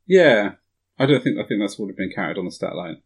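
A man's voice: lowish voice, lively intonation, brisk. A man casually chatting about a tabletop wargame, eager and often repeating himself.

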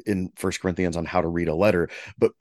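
A man with a low, deep voice leading a relaxed conversation about scripture and posing questions to his co-host. The sound is close and dry. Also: fast, no room sound. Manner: relaxed, asks questions and guides the discussion. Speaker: podcast co-host. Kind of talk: conversational Bible discussion.

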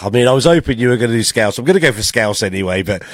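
A man's voice: mid-range voice, expressive, very fast, no room sound. A man co-hosting a podcast, talking eagerly and laughing as he guesses along. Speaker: podcast co-host. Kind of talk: casual podcast chat.

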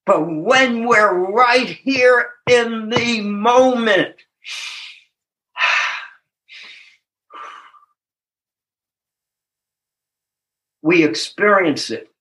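Slow, bright-voiced older man sharing. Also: high-pitched. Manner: reflective and earnest, chuckling at himself. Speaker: speaker sharing at a recovery meeting. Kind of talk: personal recovery testimony.

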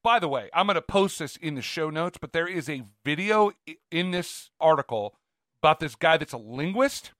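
An eager man hosting a casual podcast, his voice sitting fairly high. He often breaks off words and restarts. The recording is dry and close. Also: animated, normal speed, fairly bright tone, dry recording. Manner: enthusiastic, restarts mid-word. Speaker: podcast host.

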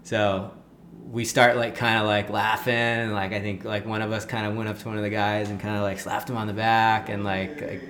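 Guy with a lowish voice rambling thru a story, lots of "like", faint room noise behind. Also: fairly quick. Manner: filler-heavy, animated when quoting others. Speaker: guest. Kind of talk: casual storytelling.

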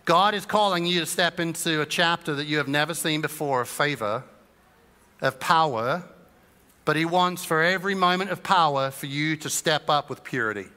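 A pastor preaches in a church, and his voice sits fairly high for a man and rings bright. He talks to the room in a chatty, joking way, slipping into quick imitations of what listeners might think. The sermon carries a long hall reverb. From England. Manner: conversational and humorous, acting out little voices of listeners. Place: church auditorium.

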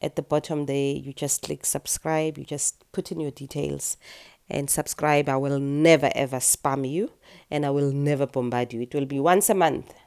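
A woman hosting her own podcast, speaking earnestly in a groggy morning voice, with halting restarts and repeated phrases. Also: extremely low pitch, level tone, creaky, a little mellow, smooth. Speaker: podcast host and retreat teacher. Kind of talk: reflective solo podcast monologue.

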